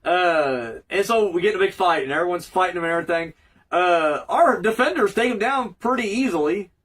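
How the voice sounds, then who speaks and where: A man's voice: high voice, animated, a little fast, a bit bright, rough recording. A man giving a rambling, profane, joking casual recap of a cartoon episode as a reviewer.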